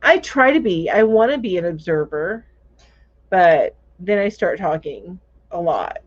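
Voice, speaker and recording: Her voice is lowish and sing-song, and she takes her time as she hosts a crochet live chat. She reads viewers' comments out loud, chatting casually, musing to herself and breaking into easy laughter. It's captured in dull, lo-fi livestream sound.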